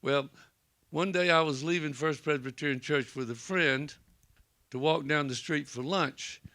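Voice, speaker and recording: A man's voice: on the high side, unhurried, pushed and bright. An older man with a Southern accent, a Presbyterian pastor telling stories on a panel and acting out the dialogue. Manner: folksy anecdotal storytelling, acts out quoted dialogue. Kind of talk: storytelling on a library panel. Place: library event room.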